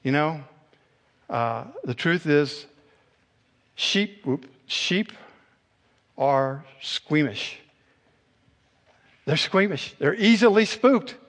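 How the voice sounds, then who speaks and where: A male pastor preaching a sermon, with slow, deliberate phrasing that builds to loud, emphatic repetition. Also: on the high side, animated, in a large hall.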